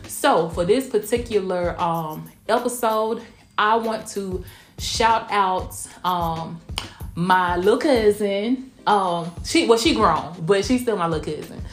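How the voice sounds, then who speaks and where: A woman's voice: medium pitch, takes it slowly. Podcast host, woman, rural Southwest Georgia accent, folksy and emphatic, roomy echo with faint music under her. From Blakely, Georgia, US. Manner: folksy, emphatic, calls listeners honey and y'all. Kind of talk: casual motivational podcast chat, also streamed live.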